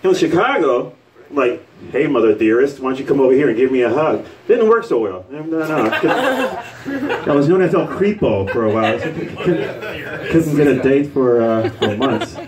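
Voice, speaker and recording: A male comedian from Puerto Rico works a bar crowd with a lively, swooping voice. He rambles loosely, full of fillers, and acts out the people in his stories. He sits a little back from the mic. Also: medium pitch, moderate pace, distant mic, low-quality recording. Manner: loose, rambling delivery with fillers and acted-out quotes. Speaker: stand-up comedian. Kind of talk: live stand-up comedy. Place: bar stage with a live audience.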